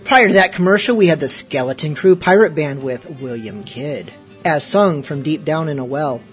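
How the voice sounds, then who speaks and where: A man's voice: on the high side, lively intonation, normal speed, faint music behind. A man hosting a casual online radio show, rambling in self-mocking banter between segments. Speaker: host.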